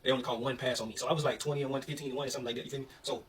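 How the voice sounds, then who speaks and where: A young man from Alabama telling a story in an animated, slangy way. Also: medium pitch, rapid-fire, slightly rough, far from the mic, poor audio. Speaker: vlogger. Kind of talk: casual storytelling.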